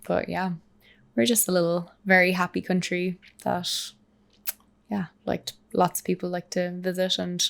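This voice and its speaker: Chatty young Irish woman, lowish voice. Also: level tone, moderate pace, creaky, a bit bright. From Ireland. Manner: chatty, peppered with "like", laughs often. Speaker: guest. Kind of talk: casual interview chat.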